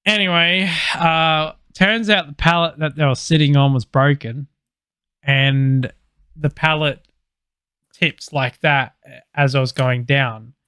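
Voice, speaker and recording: A man's voice: on the high side, slow, bright, forceful tone, clean tone, dry recording, clean studio sound. Sweary guy telling a story. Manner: loose, sweary storytelling with many fillers. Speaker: podcast co-host. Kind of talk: casual chat, storytelling.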